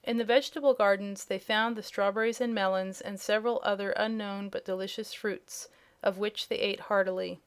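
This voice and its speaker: A woman narrating a classic children's fantasy book in an even, clear storytelling manner. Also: mid-range voice, a little fast. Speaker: audiobook narrator.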